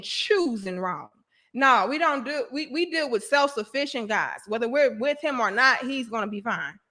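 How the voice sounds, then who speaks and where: A woman's voice: fairly high pitch, bright, forceful tone. A woman in her thirties hosting a live online talk show, preaching bluntly and emphatically straight to her viewers. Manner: preachy and emphatic, addresses viewers directly as sis and brothers. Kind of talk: blunt live-stream commentary.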